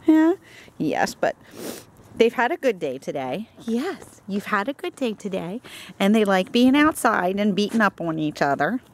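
A woman's voice: very animated, a little slow, slight background noise. A woman outdoors talking in sing-song baby talk to her dogs while filming them. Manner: high sing-song baby talk with sweeping pitch jumps.

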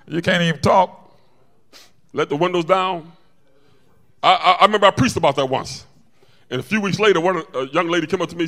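A man preaching a lively sermon to his congregation, telling stories and calling out to the room. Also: fairly high pitch. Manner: animated preaching, storytelling with call-outs to the congregation. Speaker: pastor.

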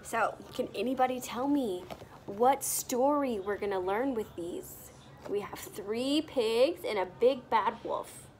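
A young woman with a lilt hosts a morning circle for small children. Her voice sits high and she speaks slowly, in a patient, sing-song manner. Faint noise hums under the recording. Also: expressive. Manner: bright, sing-song, slow and encouraging, talking to small children. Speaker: preschool teacher.

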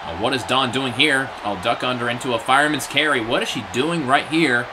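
A young man calling a video game wrestling match play by play, animated, breaking into shouts at big moves and exasperated asides. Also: mid-range voice, a little fast, hardly any pauses, noisy background. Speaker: play-by-play commentator.

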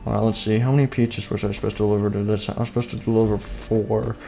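A sulky male animatronic who grumbles and mutters through every chore, as a man voices him. His voice sits a touch low and drops to a mumble. He sounds fed up with his lot. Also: level tone, fast talker, vocal fry, dark tone. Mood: muttering. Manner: grumbling, self-pitying, muttering. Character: grumpy male animatronic pizza deliverer.

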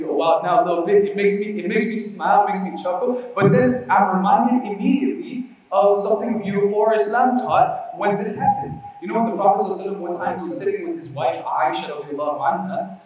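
A man with a high voice preaches in a relaxed, conversational way, often checking in with his listeners, then pressing his points with real urgency. He is heard from a distance across a large hall. The room gives him a long, heavy reverb. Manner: conversational, with frequent "you know what I'm saying" asides; urgent, emphatic exhortation. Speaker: Islamic preacher. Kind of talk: casual religious lecture. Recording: very echoey hall, voice from far off.

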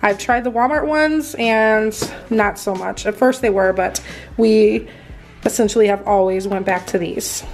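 A young woman from the Midwest, a home vlogger, hoarse and congested after being sick, chatting casually to viewers with lots of fillers. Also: mid-range voice, measured pace, a little mellow, faint music behind. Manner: chatty, filler-heavy, addresses viewers directly. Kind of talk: casual haul vlog talk.

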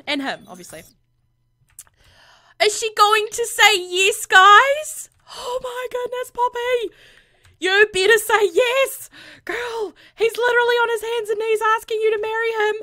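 A woman giving bubbly, gushing let's-play commentary on a USB condenser microphone, often squealing with excitement. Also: very high-pitched, normal speed. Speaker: gaming video creator.

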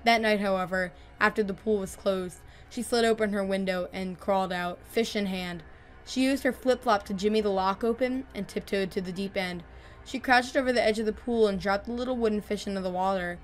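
A woman narrating horror stories in a calm, measured read, her voice middle-pitched for a woman. She drops quieter on the darkest lines, and faint music plays beneath her. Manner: calm, measured, dropping softer on grim lines. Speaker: storyteller.

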